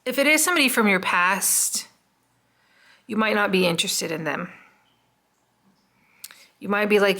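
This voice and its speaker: A woman's voice: on the low side, brisk, creaky, pauses often, pushed and bright. A woman doing a casual, chatty tarot reading, musing aloud with many "um" fillers. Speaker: tarot card reader.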